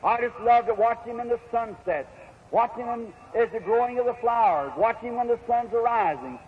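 A man's voice: extremely high pitch, normal speed. A man preaching a storytelling sermon in a folksy, plain-spoken way with rural grammar. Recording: dull lo-fi recording with faint hiss.

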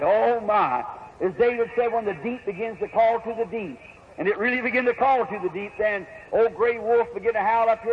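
A man with a high voice preaches a storytelling sermon in plain, folksy words. His speech has a homespun rural grammar. The recording is dull and lo-fi with a faint hiss behind it.

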